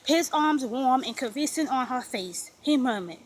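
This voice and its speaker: High-voiced woman narrating a romance. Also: lively intonation, normal speed, few pauses, slight background noise, low-quality recording. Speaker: audiobook narrator. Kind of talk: scripted narration of a romance novel.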